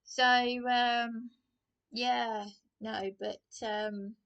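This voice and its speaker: A middle-aged woman from England, delivering a rambling rant to camera, halting with many restarts and dropping into hushed asides. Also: fairly high pitch, level tone, vocal fry, smooth, dull audio. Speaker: vlogger.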